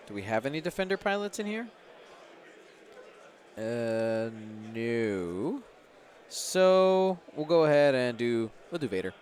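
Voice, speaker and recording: Guy hosting a tourney stream, chatty and upbeat, kinda high voice, hyping up the chat. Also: clear, resonant tone. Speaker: stream host and commentator. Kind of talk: livestream commentary and giveaways.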